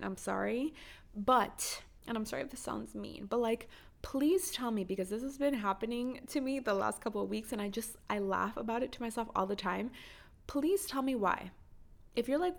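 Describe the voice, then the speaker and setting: A young woman with a gravelly, fry-laced voice talks through dating advice as a podcast host. She is candid and swears freely, and she piles up emphatic rhetorical questions. Her pitch sits in the middle of the usual range for a woman. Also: moderate pace. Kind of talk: casual advice chat.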